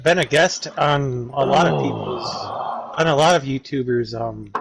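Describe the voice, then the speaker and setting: A man's voice: medium pitch, normal speed, creaky, fairly bright tone, soft background music, poor audio. A man chatting on a gaming stream, rambling through long explanations over voice chat. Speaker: streaming guest.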